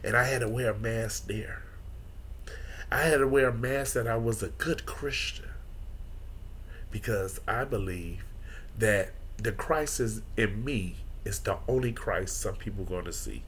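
Here a man hosting a podcast pours out his feelings in an earnest, preacher-like monologue. His voice is on the low side and fairly bright, his pace a little slow, with a little hiss or hum in the background.

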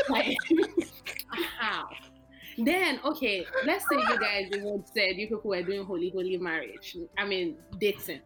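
A woman appearing as a guest on a podcast over a call, talking casually in an animated, incredulous way with many laughing questions. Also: mid-range voice, a little slow, loud music behind the voice, poor audio. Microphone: remote call.

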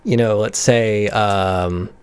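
A man's voice: on the low side, steady tone, takes it slowly, clear, resonant tone. A young man, an actor, chatting casually in a radio interview and slipping into accents as he talks. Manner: chatty, tries out accents mid-sentence. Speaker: actor guest on radio show.

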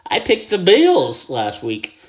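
A man hosting his own football picks show, excitable, with catchphrases and mouth sound effects. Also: high-pitched, slow. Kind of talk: casual sports picks video.

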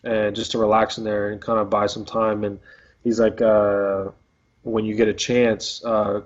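Young male ballplayer guest, easygoing storyteller, even low delivery, muffled recording. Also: a little slow. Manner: rambling, filler-heavy, laid-back. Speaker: professional baseball player guest. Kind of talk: casual storytelling interview. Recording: dull lo-fi audio.

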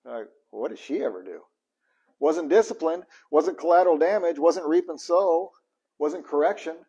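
Husky-voiced man preaching a casual sermon. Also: fairly high pitch, normal speed, highs cut off. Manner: animated, asks the audience questions. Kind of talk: conversational sermon.

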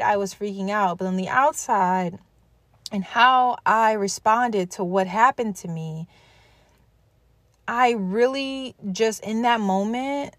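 A woman's voice: mid-range voice, no room sound. A woman hosting a motivational podcast, talking to listeners directly in an earnest, encouraging way. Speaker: podcast host.

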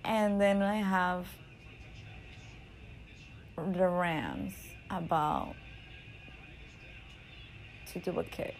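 A woman casually telling a story in an animated, profane, slangy way, often laughing. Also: on the low side, drawn-out words, creaky, long pauses, faint music behind, low-quality recording. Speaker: storyteller recounting a game.

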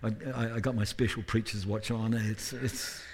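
A man's voice: lowish voice, level tone, moderate pace, noisy background. A man giving a guest sermon at a church service, talking in a conversational way with self-deprecating asides and rising emphasis. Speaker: guest preacher.

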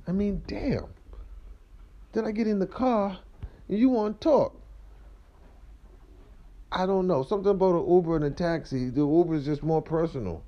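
A man, rambling and ranting with profanity as he walks around his house. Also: muffled recording. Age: 30s. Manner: animated, ranting, profane, swings between high squeals and low mumbles. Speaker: vlogger. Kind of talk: rambling comedic monologue.

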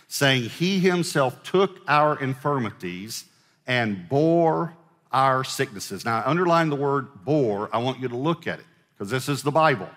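Male pastor, mid-pitched, emphatic sermon delivery with questions to the crowd, long church-hall reverb. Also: a bit bright. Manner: emphatic preaching, asks the congregation questions, slows on scripture. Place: church auditorium.

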